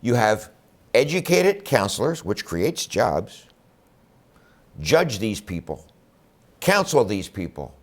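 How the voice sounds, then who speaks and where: A man's voice: lowish voice, very animated, slow pace, long pauses. A man running for district attorney, speaking bluntly and emphatically in a campaign address. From Philadelphia area. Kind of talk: campaign speech to camera.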